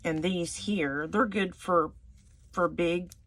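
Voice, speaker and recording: A middle-aged woman, chatting casually through a home craft tutorial as she rambles and thinks out loud. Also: on the low side, steady tone, slow. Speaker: resin art channel host. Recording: noisy home recording.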